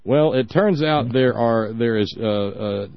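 A male talk host chats in a wry, rambling way, full of "uh"s and restarts. His voice sits at a middle pitch. The sound is dull and very dry, with no room around it. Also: unhurried, vocal fry, no echo. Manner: wry, rambling with frequent fillers. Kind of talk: casual chat.

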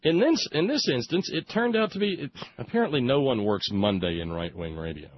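A man's voice: mid-range voice, very animated, a little fast. A man telling a long sarcastic monologue, building to comic outbursts. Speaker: radio commentator. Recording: muffled lo-fi recording.

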